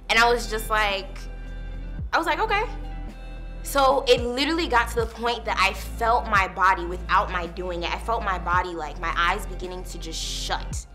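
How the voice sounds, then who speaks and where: Her voice fairly high, bright, and forceful, a young university student tells her personal testimony in a casual, candid way. She says "like" and "literally" constantly.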